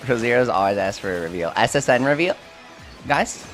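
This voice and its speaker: With soft music playing behind him, a man talks fairly quickly in an expressive, slightly bright mid-range voice. He's streaming a game live with the hiccups, answering chat questions and chatting casually with a self-deprecating streak.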